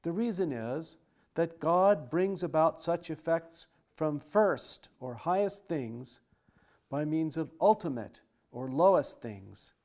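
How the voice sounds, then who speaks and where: A man reading scripture aloud in a steady, formal style with archaic wording. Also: on the high side, slow.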